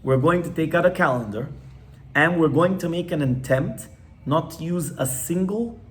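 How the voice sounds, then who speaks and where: A man's voice: a little high, expressive, normal speed. A man, a rabbi, teaching an informal class to a live audience in a conversational way, often stopping to ask his listeners questions.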